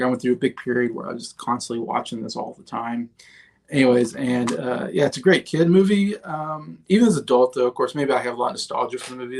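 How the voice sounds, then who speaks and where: A man's voice: mid-range voice, vocal fry, darkish tone. A middle-aged man talking casually on a livestream, rambling with enthusiasm and lots of fillers and restarts. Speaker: host. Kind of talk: casual livestream movie ranking.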